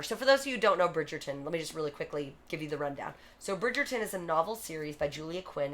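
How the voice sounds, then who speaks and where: A woman live-streaming, chatting quickly and casually between songs, thanking viewers and joking about herself. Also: low voice, a bit bright, a little hiss or hum. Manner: quick, chatty, self-deprecating. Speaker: streamer singing covers. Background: guitar.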